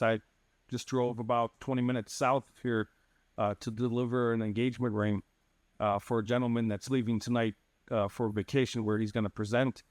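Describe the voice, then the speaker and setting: A man's voice: mid-range voice, no echo. A man who is a jeweler, telling a customer story casually with many fillers. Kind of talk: casual interview talk.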